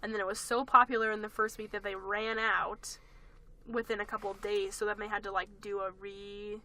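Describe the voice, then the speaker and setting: A woman's voice: mid-range voice, brisk. A young woman co-hosting a podcast in casual chat, a little congested from a recent cold, telling stories with lots of likes and acted-out asides. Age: young adult. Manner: chatty and animated, full of likes and acted-out asides. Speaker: podcast co-host.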